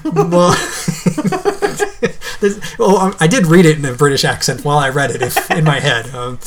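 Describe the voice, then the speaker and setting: A man's voice: on the high side, moderate pace, background noise. A young man co-hosting a podcast in casual chat, talking in a loose, hesitant way with lots of fillers and easy laughs. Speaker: podcast co-host.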